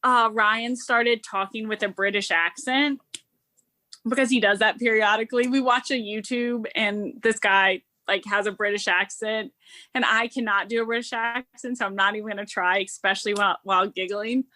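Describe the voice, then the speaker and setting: A woman's voice: mid-range voice, steady tone, moderate pace, sharp tone, no room sound. A young woman hosting a podcast, telling stories in casual chat with frequent giggles. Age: young adult. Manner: chatty storyteller, giggly, Southern "y'all". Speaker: podcast host.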